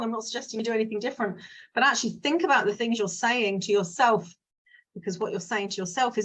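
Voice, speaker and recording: A woman's voice: fairly high pitch, fast, fairly bright tone, dull audio. A woman, a business mindset coach talking casually and frankly to her viewers, drifting into side stories. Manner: chatty, frank, digressive. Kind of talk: casual solo talk to viewers.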